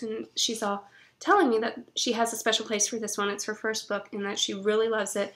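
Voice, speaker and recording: A woman's voice: a little high, brisk. Bubbly chatty young woman vlogger. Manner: bubbly, chatty, animated quotes. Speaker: book vlogger. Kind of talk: casual book haul chat.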